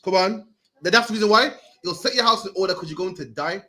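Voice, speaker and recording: A man runs a Bible lesson at a rapid clip. His voice sits high for a man, and his street-style delivery keeps pushing the reading forward. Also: pushed and bright. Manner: fast, slangy, peppers lines with "man" and urges readers on. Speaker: Bible class teacher.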